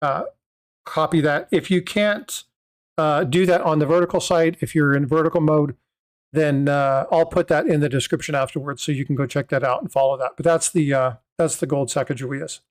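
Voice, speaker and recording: A man with a fairly high speaking voice hosts a casual livestream. He explains at length in loose, rambling sentences full of filler sounds and restarts. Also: steady tone, normal speed. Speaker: host of a coin livestream.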